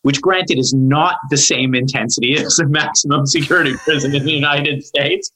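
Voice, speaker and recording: A man in his forties, a psychologist guest on a podcast, telling a long story in a lively, chatty way with lots of fillers. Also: fairly high pitch, moderate pace, slight background noise, poor audio. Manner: animated storyteller, many "like" fillers.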